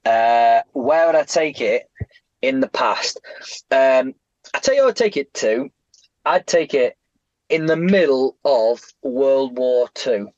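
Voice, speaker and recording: A man's voice: medium pitch, measured pace, no echo, highs cut off. Rambling British man telling stories. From United Kingdom. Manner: rambling, animated, frequent restarts. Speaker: guest traveller. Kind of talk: casual podcast storytelling.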